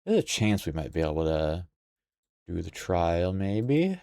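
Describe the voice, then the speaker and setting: A sleepy young man chats as he streams a game, his voice low and his pace unhurried. He stays playful, quick to exclaim and laugh even while drowsy. The sound is dry and close, with faint game music underneath. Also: gravelly, dry recording. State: sleepy, yawning. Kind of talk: casual live-stream chat while playing a game.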